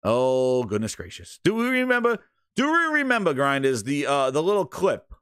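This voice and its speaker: A man's voice: on the high side, wildly swooping pitch, moderate pace, a bit bright, clean tone, no room sound, studio quality. A man hosting a gaming channel, doing crude, joking commentary.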